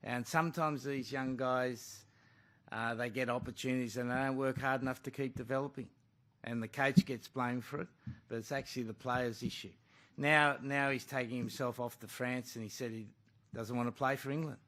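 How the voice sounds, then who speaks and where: Blunt man, bright forceful voice. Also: medium pitch, fairly even intonation, moderate pace. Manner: blunt, conversational, calls people mate. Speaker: rugby coach at a press conference. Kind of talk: press conference answers. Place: press club room.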